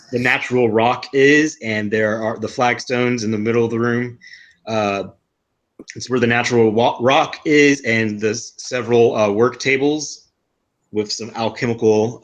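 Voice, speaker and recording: A young man describes a tabletop scene as game master, taking his time. His delivery is halting and full of fillers and restarts, at an ordinary pitch for a man. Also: a bit bright, low-quality recording.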